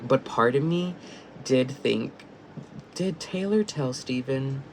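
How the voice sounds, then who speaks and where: A young man tells a story to the camera in a loose, rambling way, stumbling and restarting his sentences. His voice has a gravelly, creaky edge at a middle pitch. A faint hiss of noise sits under the recording. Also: slow, poor audio. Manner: rambling, many fillers and restarts. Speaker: vlogger. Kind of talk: casual storytime.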